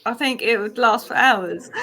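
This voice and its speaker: A woman's voice: a little high, fairly bright tone. A British woman hosting a podcast in casual, giggly chat. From Britain. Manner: giggly, chatty. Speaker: podcast host.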